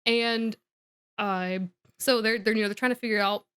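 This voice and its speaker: A woman's voice: a little high, steady tone, moderate pace, a bit bright, clean tone. A woman co-hosting a podcast, giving a casual comedic recap in a giggly, rambling way. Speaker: podcast co-host.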